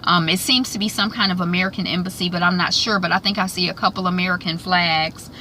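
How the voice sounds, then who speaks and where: A woman host chatting casually in a vlog recap, rambling with many fillers and restarts, now and then bursting with excitement. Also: lowish voice, fast talker, slight background noise.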